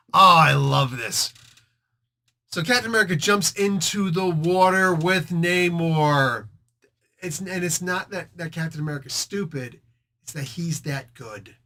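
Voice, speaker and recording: A man's voice: fairly high pitch, pushed and bright. A man hosting a casual comic book review, retelling the story with slang and sound effects.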